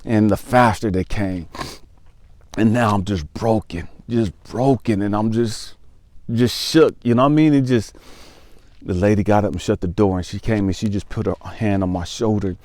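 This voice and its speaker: A man's voice: on the low side, moderate pace, a little mellow, dry recording. A middle-aged man telling a painful story from his own life, raw and profane, his voice climbing into anguish and often checking in with "you know what I mean". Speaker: channel host. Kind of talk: emotional personal storytelling.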